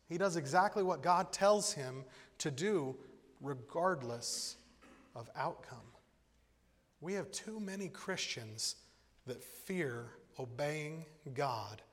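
Male pastor, mid-high voice, animated sermon delivery, reverberant hall. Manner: animated, acts out voices in stories.

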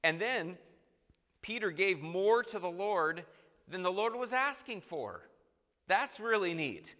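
A man preaching a sermon, moving between quiet asides and emphatic bursts and acting out the voices of the people in his text. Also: high voice, very animated, slow pace. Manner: acts out quoted voices, swings between soft and emphatic. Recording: long hall reverb.

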